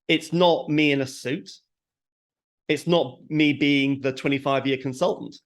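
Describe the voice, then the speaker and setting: A middle-aged man co-hosts a podcast, chatting casually in a medium-pitched voice at a measured pace. He tells stories animatedly, acting out little quotes to make his points.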